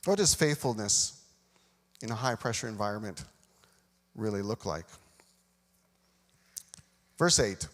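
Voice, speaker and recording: A man's voice: on the low side, lively intonation, a little slow, pauses often. A man preaching a sermon, telling a self-deprecating personal story and acting out the dialogue. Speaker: pastor. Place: church sanctuary. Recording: long hall reverb.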